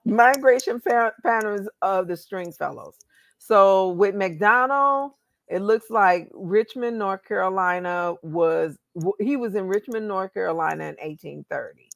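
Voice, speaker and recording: A woman's voice: mid-range voice, animated, measured pace, vocal fry, no echo. A woman with a Southern US accent, chatting casually about family research and thinking aloud as she looks things up. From California. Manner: talks through research on screen, thinking aloud. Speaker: genealogy host. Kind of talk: casual genealogy chat.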